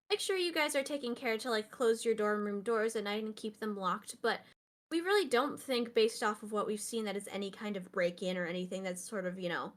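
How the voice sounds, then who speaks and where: A woman voicing a worried, unseen person talking in hushed, hesitant tones in a hallway. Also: fairly high pitch, natural voice. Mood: reassuring. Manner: hushed, hesitant, filler-heavy.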